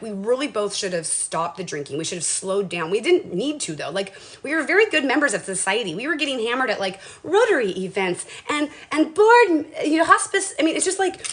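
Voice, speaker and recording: A woman in her forties from Washington State, talking in a casual, earnest and emotional way on a motivational livestream, rambling with many restarts. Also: fairly high pitch. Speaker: lifestyle livestreamer.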